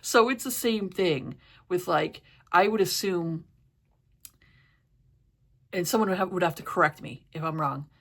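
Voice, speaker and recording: Low-pitched woman, casual rambling vlog chat full of fillers. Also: unhurried, pauses often. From East Coast of the US, New York area. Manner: rambling, many fillers like "you know" and "like". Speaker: book and TV reviewer.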